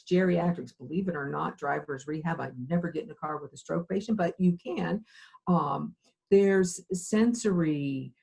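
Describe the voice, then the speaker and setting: A middle-aged woman with a low, husky voice tells her career story in an interview. She slips into the voices of the people in it as she goes, lively and expressive throughout. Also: poor audio. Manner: animated storyteller acting out dialogue. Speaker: occupational therapy program director.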